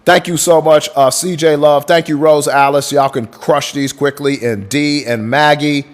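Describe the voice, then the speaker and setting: Male streamer, profane, hyped, casual chat, thanks viewers by name, slightly high voice. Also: fairly even intonation, moderate pace. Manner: breaks into crooning song lines. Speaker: livestream host.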